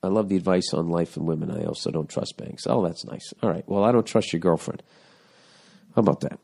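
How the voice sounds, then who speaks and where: A man's voice: low voice, fairly quick, creaky, mellow, breathy edge. A man hosting a casual comedic monologue, reading a listener's letter and answering in a blunt, profane, ranting way. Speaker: podcast host giving advice.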